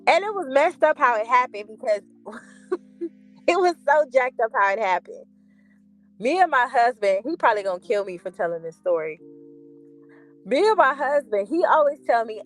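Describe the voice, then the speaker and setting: A woman from the Los Angeles area tells a story in a loose, chatty way, animated and laughing as she acts out both sides of the dialogue. Her voice sits a little high for a woman. Faint music plays softly underneath. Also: moderate pace. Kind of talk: casual storytelling chat.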